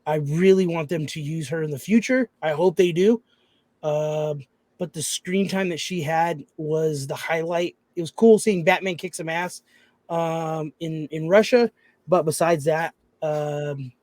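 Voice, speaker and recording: A man co-hosting a podcast in casual chat, agreeable and quick to chime in. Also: on the high side, darkish tone, no echo. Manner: agreeable, many short affirmations. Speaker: podcast co-host.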